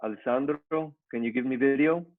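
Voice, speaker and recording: A man's voice: mid-range voice, fairly quick. A man on a live video call, politely sorting out a technical problem before his talk. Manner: polite, sorting out tech trouble. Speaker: event speaker. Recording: tinny phone-like line.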